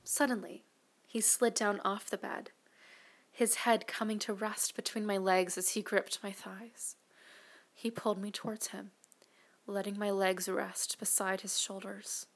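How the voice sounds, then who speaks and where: A woman narrating an erotic audio story, mostly in a hushed, breathy whisper. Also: mid-range voice, little pitch movement, unhurried. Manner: hushed, breathy, intimate delivery.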